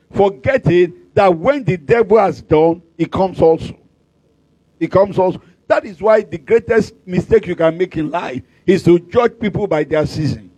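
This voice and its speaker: High-voiced Nigerian pastor preaching animatedly. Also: male voice, slightly rough, dry recording, muffled recording. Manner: animated storytelling preacher, jokes and sudden shouts. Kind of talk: sermon.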